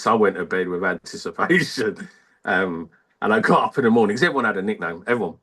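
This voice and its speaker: A man, an army veteran telling stories in a casual radio interview, halting and rambling with many fillers. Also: fairly low pitch, animated, fairly bright tone, husky.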